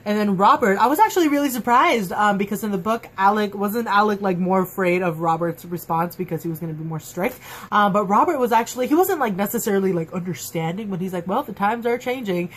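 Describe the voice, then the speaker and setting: A woman in a casual fan review, chatting at home in an excitable, gushing way full of fillers. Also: medium pitch, quick pace, breathy edge. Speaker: TV episode reviewer. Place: at home, dog nearby.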